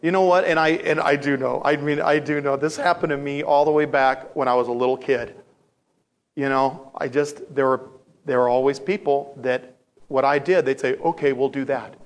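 A male pastor preaching a sermon in an animated storytelling manner, acting out voices and repeating phrases for emphasis. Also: medium pitch, moderate pace.

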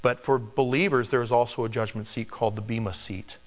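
Animated male preacher in a reverberant hall. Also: medium pitch, a little fast. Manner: animated, chuckling storyteller. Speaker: pastor. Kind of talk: sermon with personal storytelling.

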